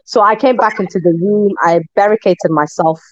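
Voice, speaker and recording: A woman giving a personal account in an interview, halting and full of restarts, slipping words into her English. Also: mid-range voice, no room sound. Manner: halting, with many fillers and restarts; mixes Somali words into English. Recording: dull, dry, slightly muffled recording.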